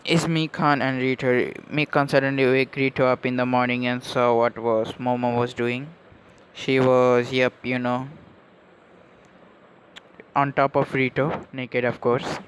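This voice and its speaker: A man casually narrating a fan story, rambling on and often correcting himself mid-sentence with a curse or two. His voice sits at a middle pitch, with faint noise behind. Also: flat delivery, measured pace, rough recording. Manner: rambling, self-correcting, swears.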